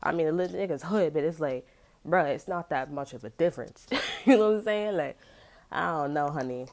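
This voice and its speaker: Casual woman tarot reader, slightly low voice, chatty and slangy, laughs through her stories. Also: fairly quick, a little mellow. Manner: loose, slangy storytelling, laughs often.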